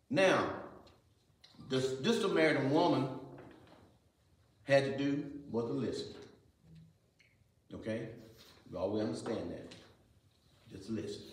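Deacon teaching Sunday school. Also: male voice, medium pitch. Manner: folksy preaching, Southern Black church vernacular; rhetorical questions to the class. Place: church sanctuary. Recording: echoey church hall, mic far off.

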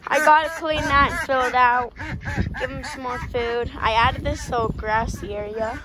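High-voiced woman doing farm chores. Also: steady tone, normal speed, over a noisy crowd. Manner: chatty, talks to animals while working. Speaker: farm vlogger. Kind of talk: casual farm chores vlog. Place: outdoors on a farm among animals. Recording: loud outdoor farm noise. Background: chickens, ducks and farm animal noises.

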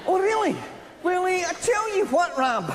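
A man's voice: very high-pitched, big pitch swings, normal speed, over a noisy crowd. A whiny, self-pitying Scottish ladies' man. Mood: defensive. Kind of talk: live stage comedy. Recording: noisy theatre recording with long reverb.

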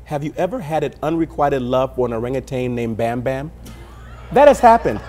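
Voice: medium pitch, fairly quick, darkish tone, faint music behind. A talk show host running a joking quiz game, teasing the guest and laughing at their own jokes.

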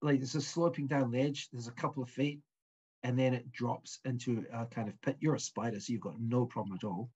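Husky man running a tabletop game. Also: mid-range voice, fairly even intonation, a little mellow, highs cut off. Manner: halting, many fillers and restarts. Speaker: game master.

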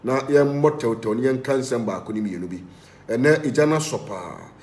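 A man with a Ghanaian accent hosting an online show, lively and urging listeners on. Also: medium pitch, moderate pace. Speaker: host. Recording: echoey recording.

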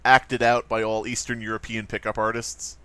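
A man's voice: fairly low pitch, flat delivery, normal speed, fairly bright tone, smooth. Teasing man riffing during a game. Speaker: game commentator. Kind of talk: casual gameplay chat.

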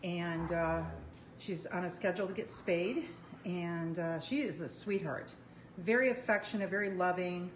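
A woman's voice: lowish voice, normal speed, slight background noise. A woman volunteering with a dog rescue, talking casually and affectionately to camera, rambling with fillers. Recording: echoey room.

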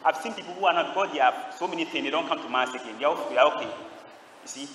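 Man, priest, homily, call-and-response, bright forceful voice, distant mic, echoey church. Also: a little high, fast, slight background noise. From Ghana. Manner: call-and-response preaching, quizzing the congregation. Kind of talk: homily at a youth Mass. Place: large church.

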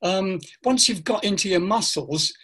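A man's voice: high-pitched, a little slow, background noise. An older man talking playfully about teaching pronunciation as the guest of a video call interview, acting out classroom instructions. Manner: playful, animated, acts out classroom lines. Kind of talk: casual interview talk.

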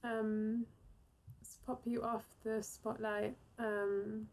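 A woman hosting an online talk, gently moderating and thanking the speaker over a video call. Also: a little high, flat delivery, extremely slow. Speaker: event host.

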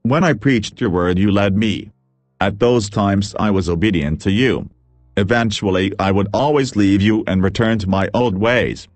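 A low, anguished voice of a lost soul pleads and confesses, a man doing the role. The sound is dry and close, with faint music behind. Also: normal speed, no room sound, close to an everyday voice. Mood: pleading.

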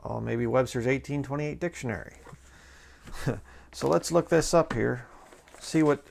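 A man's voice: medium pitch, unhurried, creaky, a little mellow. A man, a pastor, giving a sarcastic, conversational commentary like a sermon and reading passages aloud.

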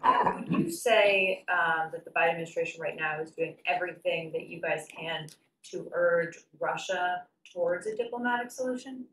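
A woman's voice: lowish voice, moderate pace, a bit bright, a little hiss or hum. Hesitant woman reporter, distant and roomy. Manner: hesitant, searching question with fillers. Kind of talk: press briefing question. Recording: roomy distant audience mic.

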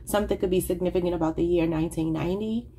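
A woman's voice: lowish voice, steady tone, very fast, mellow, breathy edge. A woman giving a casual tarot reading, rambling and thinking aloud in an informal, chatty way. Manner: informal, says y'all. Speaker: tarot reader.

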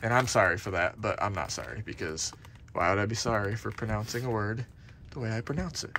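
A man talking casually as he films a vlog while digging through a dumpster, chatty and excitable, playfully stubborn. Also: lowish voice, fairly quick, slight background noise. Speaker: dumpster diving vlogger. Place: outdoors at a dumpster.

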